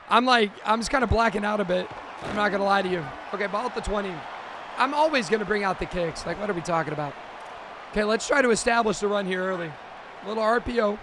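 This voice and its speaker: A man streaming a video game, giving excited play-by-play commentary and exclaiming loudly at big moments. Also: high-pitched, noisy background. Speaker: gaming streamer.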